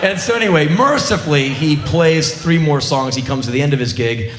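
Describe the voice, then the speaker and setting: A man's voice: a little high, fairly quick, roomy sound, crowd noise. A middle-aged man telling a sarcastic, profane comic story on stage. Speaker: spoken-word comedian.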